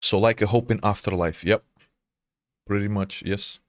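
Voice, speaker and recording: Portuguese-accent guy streaming, low voice, dry, keeps stammering and saying brother. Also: fairly even intonation, normal speed, no echo. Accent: Portuguese, mixed. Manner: hesitant, stammers and restarts, calls people brother. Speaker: game streamer. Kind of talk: casual chat answering viewers.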